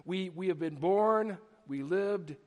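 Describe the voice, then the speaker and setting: A middle-aged pastor preaches a sermon in a church sanctuary, telling stories animatedly and restarting his sentences often. His voice is high and his pace slow, with a long hall reverb on the recording.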